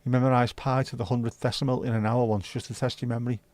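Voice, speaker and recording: Laid-back sweary livestream host. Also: male voice, medium pitch, level tone, quick pace, a little mellow, no echo. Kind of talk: casual chat reading viewer comments.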